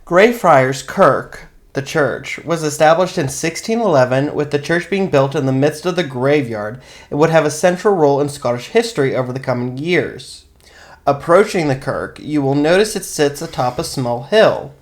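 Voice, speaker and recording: A man's voice: fairly high pitch, lively intonation, normal speed. A man co-hosting a podcast, casually telling a graveyard history with chatty asides. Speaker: podcast co-host and storyteller. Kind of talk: casual chat and read narration.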